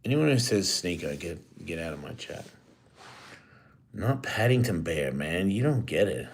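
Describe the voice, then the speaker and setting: A man with a very low, deep voice hosts a casual live stream and chats with his viewers. His talk rambles and jokes, with plenty of swearing. He sounds middle-aged and relaxed in his manner. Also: measured pace, vocal fry, slightly rough. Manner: rambling, profane, joking. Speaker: live-stream host answering chat.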